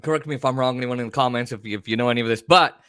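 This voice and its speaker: A man hosting a talk show, ranting in a rambling, animated way and slipping into mocking voices. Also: medium pitch, rapid-fire, clean tone, dry recording, studio quality. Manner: animated, rambling, mimics voices mid-rant. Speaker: podcast host. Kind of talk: opinionated casual talk show chat.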